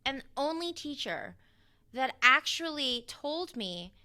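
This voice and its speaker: A woman educator talks as a guest on a casual podcast. Her voice is fairly high and bright. She speaks earnestly and reflectively. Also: big pitch swings, slow.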